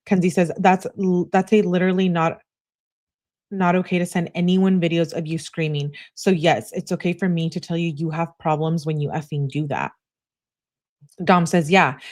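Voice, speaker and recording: A young woman reading out text messages aloud, adding quick asides of her own. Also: lowish voice, a little mellow. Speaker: true crime commentator.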